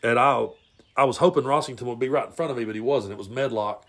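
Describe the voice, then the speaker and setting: A man's voice: medium pitch, quick pace, a bit bright. A man hosting a podcast and telling a long personal story in a blunt, rambling way, often stumbling and repeating words. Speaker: podcast host. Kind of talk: casual storytelling monologue.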